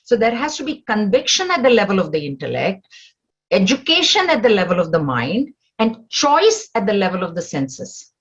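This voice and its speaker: A woman's voice: mid-range voice, big pitch swings, normal speed, slightly rough, lo-fi sound. A woman teaching a spiritual scripture class, explaining step by step and asking rhetorical questions.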